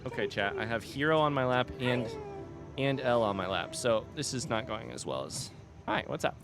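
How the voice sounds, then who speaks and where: A man's voice: mid-range voice, lively intonation, normal speed, music in the background. A man streaming a game from home, chatting with his viewers and reading out their comments. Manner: chatty, reads out viewer comments, coos at a baby. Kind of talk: casual live-stream chat. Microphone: desk microphone.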